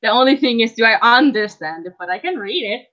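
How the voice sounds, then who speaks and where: A woman's voice: fairly high pitch, animated, a little fast, pushed and bright. A woman chatting casually on a livestream while she draws, playful and teasing, laughing often. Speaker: streamer and animator. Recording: dull lo-fi stream audio.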